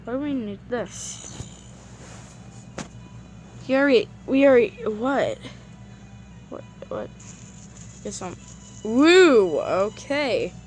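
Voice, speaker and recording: A woman giving casual gameplay commentary, excitable and rambling, often repeating words when flustered. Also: fairly high pitch, takes it slowly, pauses often, soft background music.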